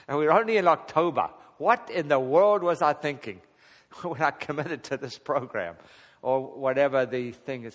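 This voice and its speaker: A man's voice: a little high, measured pace. Chuckling man teaching the Bible in a hall. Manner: lively, chuckles often, acts out quoted prayers. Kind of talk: casual Bible teaching to a group. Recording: long hall reverb.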